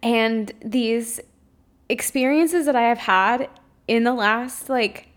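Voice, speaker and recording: A young woman with a somewhat high voice speaks alone into her podcast. She rambles in a confessional, self-searching way and drops casual swear words as she talks. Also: slow pace. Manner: emotionally open and confessional. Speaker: podcast host and spiritual coach. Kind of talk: candid solo podcast monologue.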